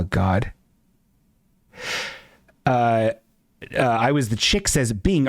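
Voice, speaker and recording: A man's voice: mid-range voice, dry recording, clean studio sound. Flustered rambling male stream host. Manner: rambling, flustered, reads chat aloud. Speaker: podcast host. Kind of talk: casual live-stream chat.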